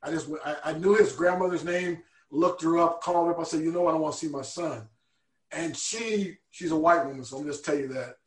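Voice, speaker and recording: A man telling a personal story as an interview guest, earnest and animated, acting out the people he quotes. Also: a little high, fairly quick, roomy sound.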